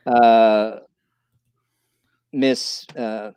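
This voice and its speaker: A man's voice: medium pitch, flat delivery, drawn-out words, warm tone, clear, resonant tone. A man from Missouri hosting a casual livestream chat, rambling with lots of fillers and restarts. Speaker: livestream host.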